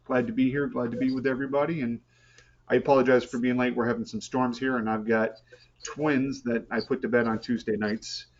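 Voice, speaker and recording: A man's voice: mid-range voice, flat delivery, brisk. A man in a support group sharing his story on a video call, talking hesitantly with lots of fillers and restarts. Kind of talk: casual chat on a video call. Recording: slightly muffled call audio.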